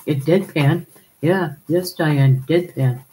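A woman's voice: low-pitched, dark tone, a little hiss or hum, rough recording. A woman hosting a live stream, chatting casually, laughing often and calling viewers darling as she reads their comments.

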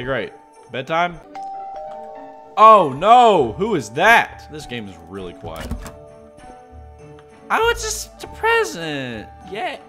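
A man's voice: sits high, bright, forceful tone. A man doing casual let's play commentary on a horror game, jumpy and talking to himself and the game. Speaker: gaming host.

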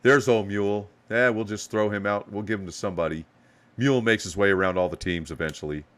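A man hosts a live card box break, hyping each card as he pulls it and handing out playful nicknames to the players. His voice is fairly low, fast and fairly bright.

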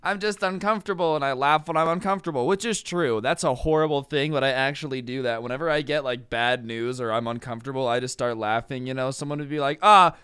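A man's voice: mid-range voice, fast talker, few pauses, a bit bright, clear, resonant tone, no echo, studio quality. A young man casually telling a funny story over gameplay, chatty with lots of fillers, acting out the people in it. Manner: chatty, filler-heavy, acts out quoted people. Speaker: storytime vlogger.

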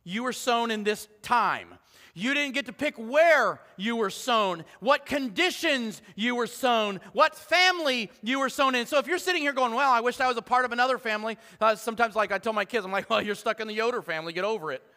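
A middle-aged man, preaching a lively, joking sermon as pastor and swinging between loud calls and hushed asides. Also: extremely high pitch, normal speed. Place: church sanctuary. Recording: long hall reverb.

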